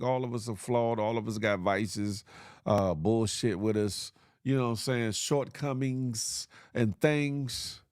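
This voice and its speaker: A man's voice: medium pitch, fairly even intonation, slow, a little mellow, smooth, dry recording, clean studio sound. A man hosting a casual morning livestream show, giving a repetitive, motivational rant full of slang and laughter.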